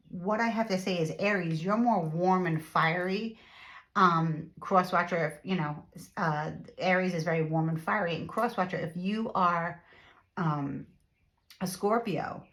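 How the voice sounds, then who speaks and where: A woman chatting through a casual tarot reading to her viewers, repeating herself and using lots of fillers. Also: on the low side. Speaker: tarot reader.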